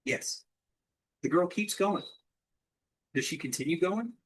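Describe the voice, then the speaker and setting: A man's voice: high voice, lively intonation, unhurried, breathy edge, poor audio. A man teaching English through a question-and-answer drill, asking simple questions and repeating the answers back.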